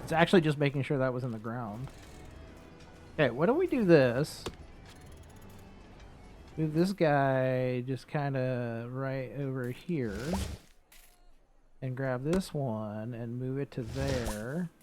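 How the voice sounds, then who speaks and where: Slow-talking man muttering over a game. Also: mid-range voice, soft background music. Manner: relaxed, thinking aloud, muttering. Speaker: gaming YouTuber. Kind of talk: casual let's-play commentary.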